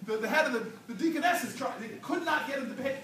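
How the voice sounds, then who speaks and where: A man's voice: very high voice, fast talker, fairly bright tone, a little hiss or hum. A man giving a rousing, preacherly speech with playful storytelling, trading call and response with a crowd in a church hall. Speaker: political speaker. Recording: echoey hall, distant mic, crowd.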